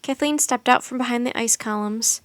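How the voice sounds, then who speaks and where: A woman with a slightly high voice reads from a storybook, expressive yet even, at an ordinary speed. The audio is close-miked and dry, free of echo or any room sound.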